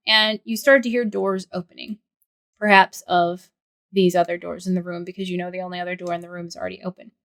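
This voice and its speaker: A woman's voice: medium pitch, a bit bright. A woman running a tabletop game as game master, narrating casually with frequent fillers.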